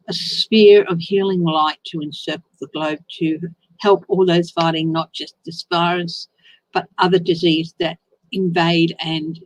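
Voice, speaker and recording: A woman's voice: lowish voice, no room sound, poor audio. A woman giving a casual live tarot reading, chatty and openly emotional as she answers viewers. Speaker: tarot reader.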